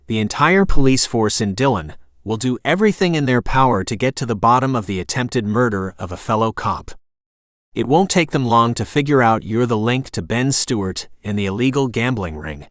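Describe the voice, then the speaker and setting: A cool-headed young hero with a dry, drawling way of talking who stays calm under threat, as a male narrator plays him. The voice is at a middle pitch, recorded dry and close. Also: dry recording, natural voice. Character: cool young man, wry and protective.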